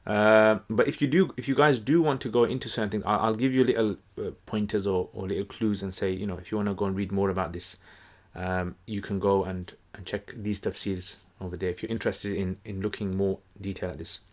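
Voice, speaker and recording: A man explains a text in a relaxed, conversational teaching manner. His voice sits a little low, and he pauses often with fillers and restarts mid-sentence. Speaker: Quran teacher. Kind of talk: casual explanatory lesson.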